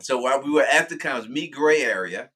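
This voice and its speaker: A man's voice: medium pitch, fast talker, slightly rough. A man hosting a casual chat, telling stories with lots of laughter and acting out voices. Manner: animated storytelling, laughing often, acting out voices. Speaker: channel host.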